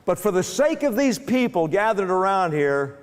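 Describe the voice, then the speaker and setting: A man's voice: high voice, sing-song, moderate pace, big-room sound, pitched above the performer's own voice. A man doing a solemn, commanding teacher.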